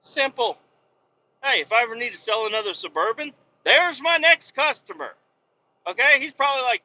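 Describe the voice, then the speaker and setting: A man hosting a podcast, ranting heatedly with constant swearing and bursts of yelling, recorded in the cab of a semi truck while driving. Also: very high voice, expressive, moderate pace. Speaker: podcast host. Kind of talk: profane ranting monologue. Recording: dull lo-fi recording.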